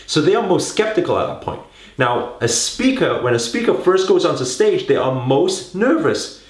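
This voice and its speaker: A man's voice: fairly high pitch, big pitch swings, moderate pace, roomy sound. A man teaching public speaking to the camera, coaxing his viewers with rhetorical questions and a frequent "right?".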